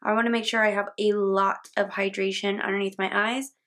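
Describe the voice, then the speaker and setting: A young woman talks through her makeup routine at home in a relaxed, chatty way. She stumbles over product names and laughs them off. Her voice sits at an ordinary middle pitch. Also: a little fast. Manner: chatty, casual, laughs at own slips. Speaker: beauty vlogger. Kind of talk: makeup tutorial talk-through. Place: home, indoors.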